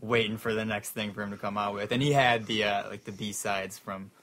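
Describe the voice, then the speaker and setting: A man's voice: on the low side, steady tone, a little fast, fairly bright tone. A man, a band member guest, talking casually about an album he is waiting for. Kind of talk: casual chat.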